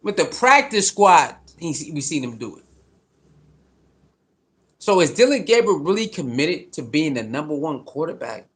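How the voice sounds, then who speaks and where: A fed-up sports commentator gets fired up about his football team in a heated rant, swearing and repeating himself to hammer his points. His high voice swoops around constantly, very animated and a bit bright, at normal speed.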